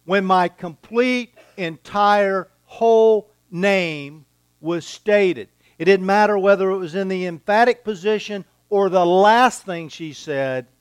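Male preacher, high smooth voice, emphatic, dry close sound. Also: dry recording. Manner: deliberate, emphatic teaching with repeated phrases. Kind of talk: expository sermon.

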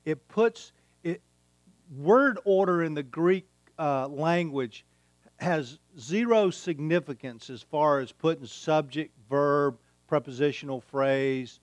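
Emphatic male preacher, slightly high voice. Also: slow pace, no room sound. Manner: emphatic preaching, repeats key phrases. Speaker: pastor. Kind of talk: sermon.

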